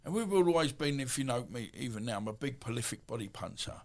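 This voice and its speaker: A man in his fifties with an Essex accent, telling stories as a podcast guest in a rambling, animated way with many asides. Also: medium pitch, quick pace, slight background noise. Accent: Essex English. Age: 50s. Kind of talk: casual storytelling.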